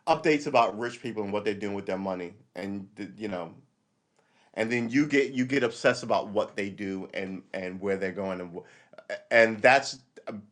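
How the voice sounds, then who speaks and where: A man hosting a livestream, delivering a casual, rambling monologue in a blunt, profane way. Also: on the low side. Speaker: livestream host.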